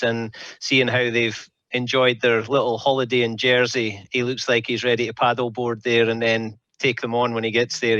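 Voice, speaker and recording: A man chatting as a guest on a rugby panel, relaxed and joking. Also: mid-range voice, no room sound. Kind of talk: casual panel chat. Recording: dry, dull lo-fi sound.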